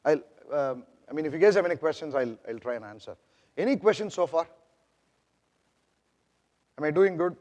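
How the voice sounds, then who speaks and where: A man's voice: on the high side, expressive, moderate pace, long pauses, darkish tone. A man with an Indian accent giving a conference presentation, talking conversationally with many restarts and questions to the audience. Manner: conversational, frequent restarts and "right?" checks to the audience. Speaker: product manager presenting at a conference. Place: large conference hall. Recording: long echo of a conference hall.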